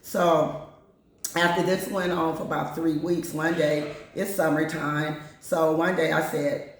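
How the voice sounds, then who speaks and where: A woman's voice: low-pitched, fairly even intonation, unhurried. Blunt woman telling a story in an echoey room. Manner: candid, blunt, acts out other people's lines. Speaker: channel host. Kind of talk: casual storytime monologue.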